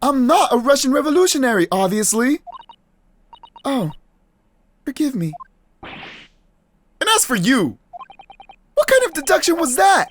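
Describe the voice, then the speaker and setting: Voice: sits high, sing-song, unhurried, long pauses, slight background noise, voice pushed up. A player voicing an earnest young male law student in an exasperated, emphatic way. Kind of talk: let's play voice acting.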